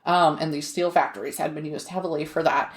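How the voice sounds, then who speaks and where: A woman's voice: low voice, steady tone, brisk, roomy sound. A woman co-hosting a podcast, telling a story in a chatty, casual way and laughing now and then mid-sentence. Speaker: podcast co-host.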